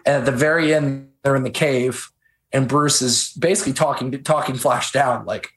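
A podcast co-host in a casual film chat retells scenes with feeling, animated and getting choked up. His voice is mid-range at a normal speed, picked up by an on-camera microphone.

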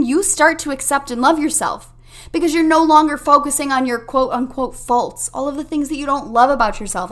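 High-voiced upbeat woman podcast host. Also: fairly bright tone. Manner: upbeat, emphatic, talks straight to listeners. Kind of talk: motivational self-help monologue.

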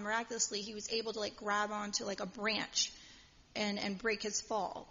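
A woman's voice: fairly high pitch, gravelly, fairly bright tone. Woman preacher in a reverberant hall. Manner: conversational storytelling with fillers. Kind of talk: sermon. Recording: dull sound with long hall reverb.

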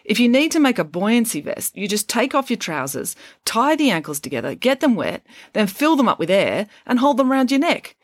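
A woman's voice: a little high, sing-song, moderate pace, no room sound, studio quality, pitched above the performer's own voice. A woman reading the part of a clever, pedantic schoolgirl who speaks in a precise, literal, matter-of-fact way. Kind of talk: audiobook character voice.

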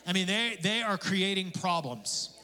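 A man preaching a sermon as pastor, conversational and animated, with casual asides and jokes. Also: sits high, measured pace. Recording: long hall reverb.

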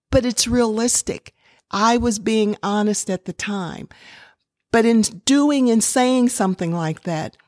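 Speaking earnestly to an audience of parents, this middle-aged woman slips into acted tones whenever she quotes an example phrase. She has a mid-range voice, captured at studio quality with no echo.

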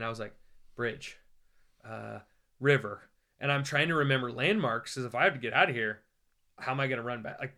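American male evangelist, guest storyteller, bright tone, animated and humorous. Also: medium pitch. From United States. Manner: animated, joking, acts out quoted voices. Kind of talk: conversational storytelling.

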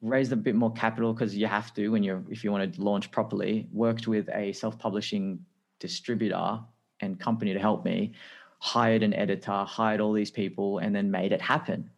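An Australian man in his thirties, a podcast guest telling his career story in a lively, anecdotal way with frequent laughs. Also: lowish voice, moderate pace, vocal fry. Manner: lively anecdotal, acts out dialogue, laughs often. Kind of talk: casual interview storytelling.

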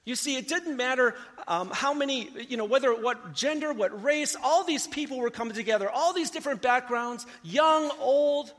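Guy pastor with a really high voice telling a story in his sermon, lots of hall reverb. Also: normal speed, hardly any pauses, fairly bright tone. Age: adult. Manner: conversational storytelling, talks to the congregation.

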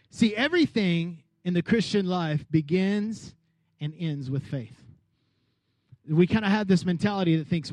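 A man preaching a lively sermon as pastor, calling on the congregation to answer back and acting out the voices of people in the story. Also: high voice, normal speed, no echo. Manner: energetic preaching with call-and-response.

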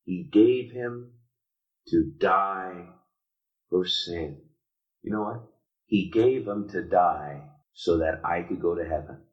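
A man preaching an evening sermon in a church, slow and deliberate, with dramatic pauses between phrases. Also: low-pitched. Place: church sanctuary. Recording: echoey, distant, dull church recording.

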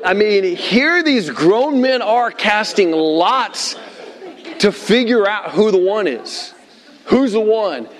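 A middle-aged man preaching to a room of listeners at tables, telling a story in a lively way and acting out the lines he quotes. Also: high-pitched. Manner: animated storyteller, acts out shouted quotes. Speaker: pastor. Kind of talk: sermon with personal story.

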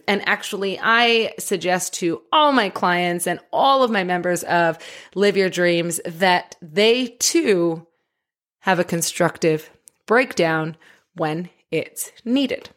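A woman life coach giving a motivational talk in an animated way, laughing often. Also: fairly low pitch.

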